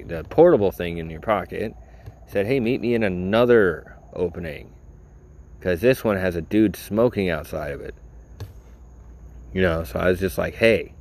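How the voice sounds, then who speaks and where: A man's voice: low voice, a little hiss or hum. A man in a casual vlog, rambling and sarcastic, full of "you know" as he tells a story. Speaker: vlogger. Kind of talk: casual rant.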